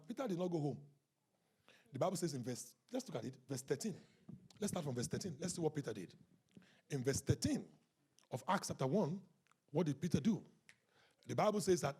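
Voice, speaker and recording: A man preaching a sermon as pastor, with a raspy, gravelly voice. He swings from hushed talk to loud shouting and prays in tongues. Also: fairly high pitch.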